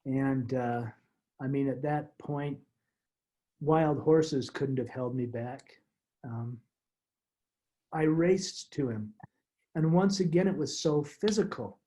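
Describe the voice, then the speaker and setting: A middle-aged man, a guest speaker, telling a personal story in an emotional, halting way that repeats words, with soft laughs. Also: medium pitch.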